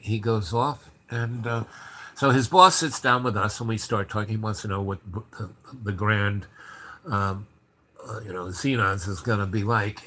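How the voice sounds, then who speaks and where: A man's voice: medium pitch, pushed and bright. A man telling a long story in a casual, rambling way, with many fillers and restarts, acting out the dialogue.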